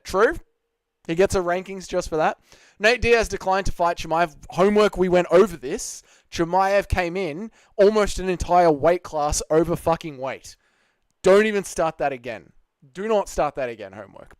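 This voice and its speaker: Casting note: man, slightly high voice, smooth and clean, dry close sound, livestream host bantering with chat. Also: expressive, moderate pace, no echo. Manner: reads chat comments aloud and argues back. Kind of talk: casual live Q&A chat.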